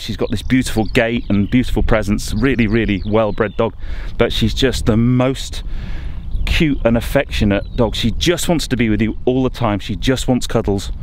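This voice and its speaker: A man's voice: medium pitch, moderate pace, a little hiss or hum. A man, out on a countryside walk with his dogs, chatting casually to the camera as he goes. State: out of breath while climbing. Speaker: vlogger. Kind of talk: casual walking vlog. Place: outdoors on a countryside hill walk.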